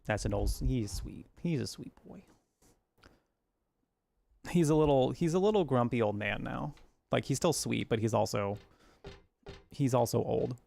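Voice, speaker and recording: A man's voice: mid-range voice, moderate pace, gravelly, darkish tone. A man from Arizona chatting casually while he plays a game, rambling and cooing at his cat now and then. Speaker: gaming streamer.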